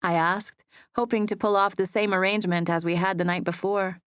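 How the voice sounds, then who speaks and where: Soft-spoken woman reading a romance audiobook. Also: medium pitch, fairly even intonation, a little fast, clean tone, no room sound, clean studio sound. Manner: soft, intimate storytelling. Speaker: audiobook narrator. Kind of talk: first-person romance audiobook narration. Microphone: close studio mic.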